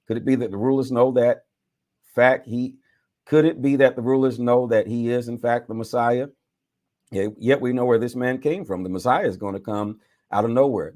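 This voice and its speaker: A man's voice: fairly low pitch, darkish tone, no room sound, clean studio sound. A man, a bishop, reading scripture aloud with dramatic emphasis, now and then correcting himself and adding his own remarks. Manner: dramatic reading with self-corrections and side comments.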